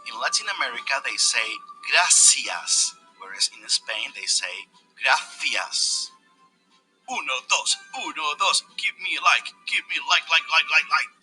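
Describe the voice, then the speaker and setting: A man's voice: a little high, lively intonation, brisk, hardly any pauses, pushed and bright, soft background music. A man voicing a zany marshmallow professor in a kids' Spanish video, with an exaggerated sing-song delivery and repetitive drills. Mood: teaching. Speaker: video teacher character.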